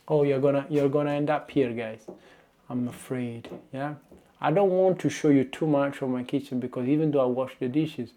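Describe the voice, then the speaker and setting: Italian man, native speaker, vlogging from his kitchen to a tripod camera; mellow, warm tone, exasperated rant with frequent restarts. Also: on the high side. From Italy. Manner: animated, exasperated, many restarts. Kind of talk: casual ranting vlog to camera. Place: home kitchen. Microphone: camera on small tripod.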